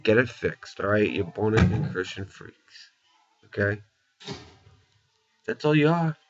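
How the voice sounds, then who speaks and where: A man with a somewhat low voice delivers a blunt, profane opinion rant straight to camera. He hammers his points with repeated "okay?" and "you know". The recording sounds dull and lo-fi. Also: lively intonation, unhurried, faint music behind.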